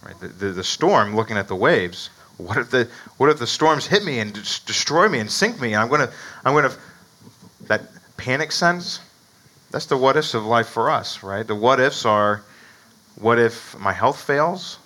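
A man's voice: medium pitch, lively intonation, normal speed, sharp tone, rough recording. A man preaching a sermon in a conversational way, often asking "right?" and chuckling between points. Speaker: pastor.

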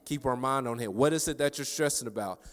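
A man giving a devotional sermon, telling a lively story from his day and building into fervent preaching. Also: medium pitch, fast, in a large hall. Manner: conversational, animated storytelling building to preaching fervor. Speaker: devotional speaker.

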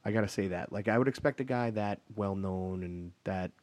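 Low-voiced man telling stories, dry sound. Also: fairly quick, no echo. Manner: animated storyteller, laughs often. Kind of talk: casual chat.

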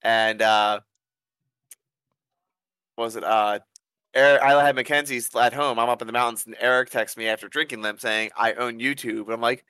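A man co-hosting a casual podcast, telling a story in an animated way. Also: mid-range voice, normal speed, long pauses, smooth, dry recording. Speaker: podcast co-host.

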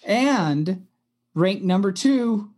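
An upbeat podcast host chats in an easy, friendly way and keeps a middle pitch. He talks to his co-host like a friend. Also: animated, drawn-out words, darkish tone. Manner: upbeat, friendly, says bro. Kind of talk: casual chat.

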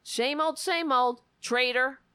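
Slow, angry woman ranting. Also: high voice, pushed and bright, clean tone. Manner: angry, sarcastic, repetitive insults. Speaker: livestream commentator. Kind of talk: ranting live commentary.

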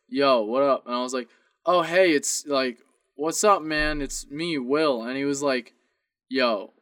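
Young male podcast co-host, animated storyteller who acts out both ends of each call. Slightly high voice, dry close sound. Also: no echo. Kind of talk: casual storytelling.

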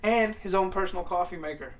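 A man who is an army sergeant veteran, telling animated, profane stories and mimicking the people in them. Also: sits high, quick pace. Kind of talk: casual storytelling chat.

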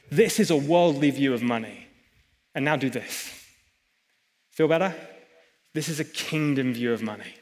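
A man preaching a sermon in a church hall, emphatic, with chatty asides to the congregation. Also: medium pitch. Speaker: pastor.

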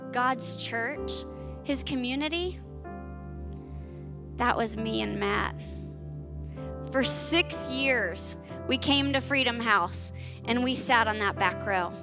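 A woman in her thirties preaching a sermon, telling a personal story that builds to impassioned emphasis. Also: high-pitched. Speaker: pastor.

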